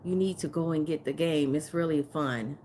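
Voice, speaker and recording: A woman's voice: low-pitched, normal speed, warm tone, a little hiss or hum. A woman chatting casually on a livestream, rambling and laughing often as she talks to her viewers. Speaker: live streamer.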